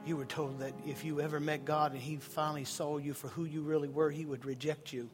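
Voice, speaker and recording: A man's voice: a little high, little pitch movement, brisk. A male pastor preaching an impassioned sermon in a church hall, full of rhetorical questions. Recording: reverberant hall with soft music.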